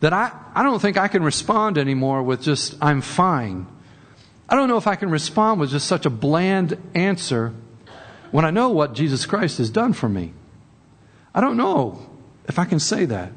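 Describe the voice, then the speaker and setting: A man's voice: on the high side, very animated, moderate pace, long reverb tail. A man preaching a sermon in a conversational way, often repeating words and rising for emphasis. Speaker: pastor.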